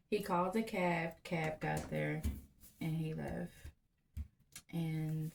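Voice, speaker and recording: A woman, telling a personal story in a blunt, profane, animated way. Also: low-pitched, slow pace, vocal fry, pauses often, slight background noise. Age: 30s. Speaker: vlogger. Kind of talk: candid storytelling to camera.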